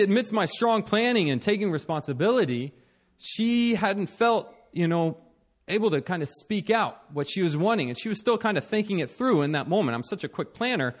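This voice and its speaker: Animated self-mocking man telling a story. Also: high-pitched. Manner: animated, self-mocking, many restarts and laughs. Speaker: speaker sharing a marriage story. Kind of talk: personal storytelling talk.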